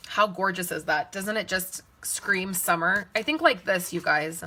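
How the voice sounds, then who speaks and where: Bright chatty lady doing a live card-making demo, thinking out loud, talking to viewers. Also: fairly low pitch, measured pace. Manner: reads and answers viewer comments. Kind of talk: casual live crafting demo.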